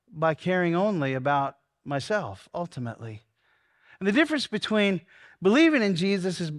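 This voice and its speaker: Earnest high-voiced pastor in his sixties. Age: 60s. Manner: earnest, rises to fervent pleading then drops to slow soft prayer. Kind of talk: sermon leading a congregational prayer.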